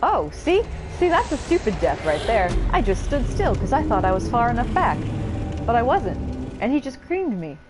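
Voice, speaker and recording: A woman's voice: on the high side, sing-song, moderate pace, music in the background. A young woman casually commenting as she streams a video game, chatty and laughing, reading chat aloud and swearing.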